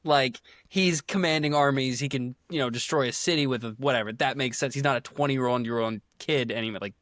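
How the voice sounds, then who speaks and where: Male podcast host; easygoing rambling chat, mid pitch, dry close mic. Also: a little fast, no echo. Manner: relaxed, rambling, with hesitations. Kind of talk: casual podcast conversation.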